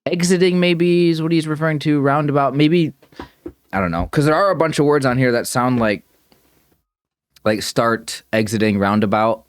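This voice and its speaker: In clean studio sound without any room sound, a man with a clear, resonant mid-range voice talks at a moderate pace. He offers casual thinking-aloud commentary on a puzzle video, wandering off track and correcting himself along the way.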